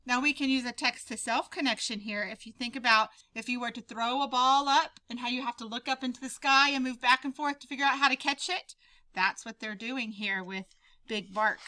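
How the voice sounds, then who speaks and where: A woman teacher talks young students through a story, animated and encouraging. Her voice is high and bright. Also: fairly quick. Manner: animated, explaining to children. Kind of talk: reading aloud to a class.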